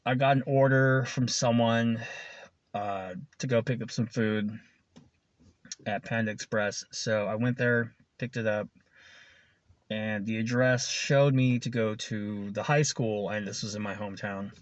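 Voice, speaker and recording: A man's voice: fairly low pitch, fairly even intonation, a little slow, no echo. A man who works as a food delivery driver telling a story in a casual, rambling way, swearing often and chuckling between lines. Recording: dull lo-fi recording.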